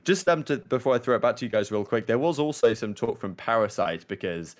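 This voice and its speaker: A man's voice: mid-range voice, expressive, fairly quick. A young man co-hosting a casual esports podcast, rambling and thinking aloud with lots of fillers. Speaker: podcast co-host. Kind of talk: casual esports talk show chat.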